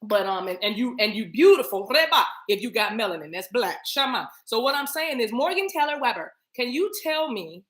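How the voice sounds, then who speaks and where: Woman, high bright voice, spiritual reader, animated live chat, echoey room. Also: normal speed, few pauses. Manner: animated, breaks into tongues and bits of song. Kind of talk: live-stream chat with viewers.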